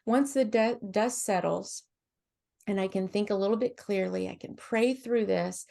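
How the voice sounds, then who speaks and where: A woman guest on a faith podcast, talking in a gentle, encouraging way with frequent restarts. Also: medium pitch, a little slow, gravelly. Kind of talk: faith-based podcast conversation.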